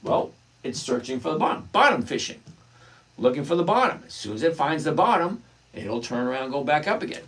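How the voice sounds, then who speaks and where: A man's voice: a little high, big pitch swings, brisk, fairly bright tone. A middle-aged man hosting a casual live stock-trading stream, greeting viewers by name and answering their questions. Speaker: livestream host reading chat.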